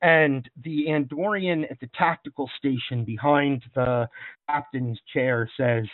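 A man narrating as game master of a tabletop game in a relaxed, halting way with fillers. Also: mid-range voice, dry recording, narrow, tinny audio.

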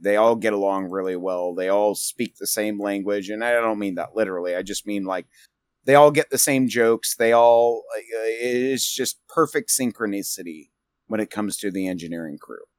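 A man's voice: fairly low pitch, normal speed, no room sound, clean studio sound. A man narrating as game master of a tabletop role-playing game, rambling with restarts. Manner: rambling, many fillers and restarts.

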